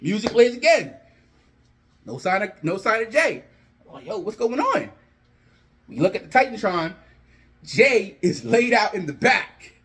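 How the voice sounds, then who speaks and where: A young man casually telling an imagined wrestling storyline, animated and jumping into characters' lines as he goes. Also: sits high, normal speed, long pauses. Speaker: wrestling fan video host. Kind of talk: casual fantasy-booking storytelling.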